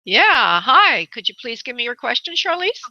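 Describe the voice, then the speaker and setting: A woman's voice: fairly high pitch, big pitch swings, moderate pace, bright, forceful tone, dry recording, dull audio. A woman hosting a radio call-in show as a psychic medium, calling her callers honey and sweetheart.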